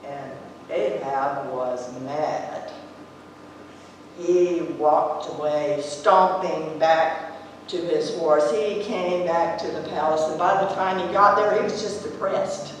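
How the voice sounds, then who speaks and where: A woman playing a scheming, scornful ancient queen in a church stage monologue, telling it theatrically with lively acted-out quotes. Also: low voice, takes it slowly, slight background noise. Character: scheming, scornful ancient queen, contemptuous of her weak husband. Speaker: actor in a church drama. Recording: echoey hall from far off.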